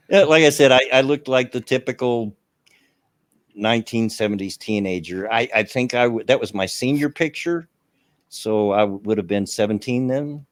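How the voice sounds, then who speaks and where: A man's voice: medium pitch, moderate pace, no echo, clean studio sound. A man, hosting a livestream chat in a folksy, rambling, self-deprecating way. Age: 60s. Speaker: stream show host.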